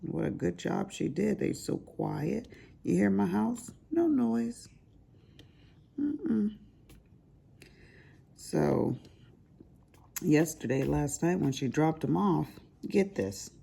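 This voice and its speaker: A woman's voice: on the low side, lively intonation, slow, creaky, long pauses, warm tone, breathy edge. An older grandmother chatting casually to her viewers as she crafts, rambling and laughing at her own asides. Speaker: crafting vlogger. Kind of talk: casual chat while crafting.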